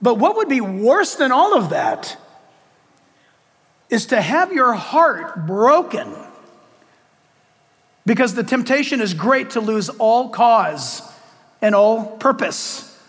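Male pastor, dramatic sermon, high voice, church hall reverb. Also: very animated, slow, long pauses, fairly bright tone, breathy edge. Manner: dramatic storytelling with direct questions to the congregation.

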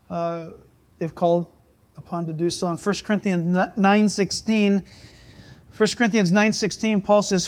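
An older man, a pastor, delivering a sermon as an animated, jokey storyteller. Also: high-pitched.

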